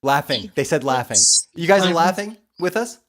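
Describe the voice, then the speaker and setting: A man's voice: on the high side, lively intonation, moderate pace. Playful man hosting a live stream. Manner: playful, chatty, laughs often, repeats phrases softly. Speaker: livestream host running spirit sessions. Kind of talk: live casual commentary.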